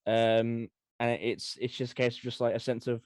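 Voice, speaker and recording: A man co-hosting a casual history podcast, telling stories quickly and eagerly. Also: mid-range voice, level tone, no room sound. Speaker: podcast co-host.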